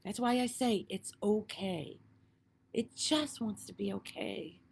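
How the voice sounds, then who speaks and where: A middle-aged woman giving a heartfelt inspirational talk, earnest and emotional, moving between soft and emphatic delivery. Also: medium pitch, takes it slowly, gravelly, husky. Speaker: spiritual speaker.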